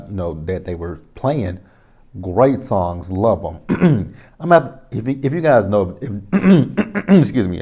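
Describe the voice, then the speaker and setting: A man's voice: deep voice, mellow. A man, reviewing a reality show in a casual, rambling vlog from his home studio. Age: 30s. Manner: rambling, self-correcting, retells conversations.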